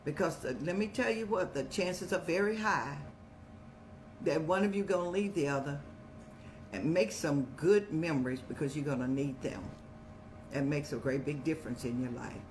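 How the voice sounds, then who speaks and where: Here the older advice-show host has a low voice and a moderate pace, with slight noise in the background. On her live stream she sounds motherly and preachy, calling viewers "child" and laughing through her stories.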